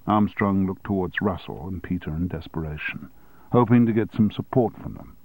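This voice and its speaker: A man narrating an audiobook in a steady, low-key manner. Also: moderate pace, dry recording, poor audio.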